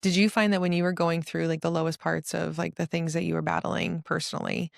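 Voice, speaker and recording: A woman hosting a casual spiritual podcast, telling stories with lively acted-out quotes. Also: lowish voice, a little fast, vocal fry, no echo, studio quality. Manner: animated storyteller, acts out quotes. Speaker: podcast host.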